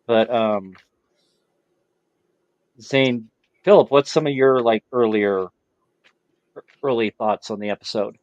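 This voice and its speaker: A man hosting a casual podcast chat, relaxed and conversational, putting questions to the others. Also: mid-range voice, slow, pauses often, dry recording. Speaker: podcast host. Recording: dull, lo-fi dry audio.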